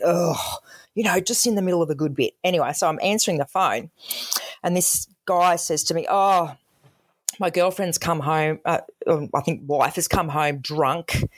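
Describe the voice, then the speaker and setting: In a podcast interview, an Australian former emergency call operator frankly recounts calls, acting out the callers' voices. Her low voice is captured at studio quality with no room sound.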